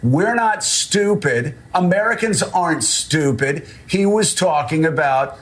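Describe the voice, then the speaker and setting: Tv commentator guy, kinda high voice, blunt and fed up, keeps repeating himself. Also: expressive, a little slow. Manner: blunt, indignant, repetitive. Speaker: morning show commentator. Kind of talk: broadcast commentary.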